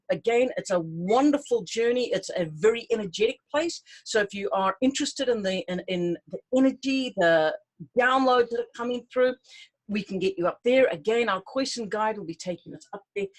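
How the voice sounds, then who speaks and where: A middle-aged woman hosting, chatting enthusiastically and informally about an upcoming tour, with many fillers and restarts. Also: medium pitch. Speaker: tour host. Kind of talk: casual promotional talk to camera.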